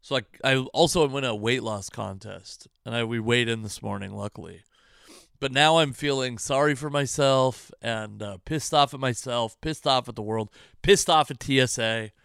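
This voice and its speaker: Hosting his own podcast from home, a comedian is deep in a frustrated, swear-filled, self-deprecating ramble, sounding exasperated. His smooth, resonant voice has an ordinary pitch, a fairly bright tone and normal speed, recorded close to the mic in a dry room with no echo.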